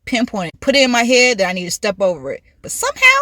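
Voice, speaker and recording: A woman vlogger telling a casual storytime in an excitable, animated way, recorded inside a car. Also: fairly high pitch, fast, hardly any pauses, no echo, studio quality.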